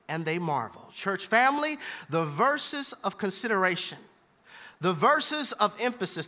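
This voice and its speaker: A man's voice: sits high, sharp tone, in a large hall. A man preaching a sermon, reading scripture and riffing on it in casual slang. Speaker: pastor.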